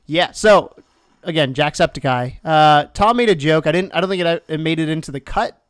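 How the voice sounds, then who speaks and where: A man in his twenties hosts a let's play, thinking aloud in rambling sentences and chuckling often as he gives casual commentary on the game. His voice is a little high and clean-toned, moving at a moderate pace, with a dry, clean studio sound.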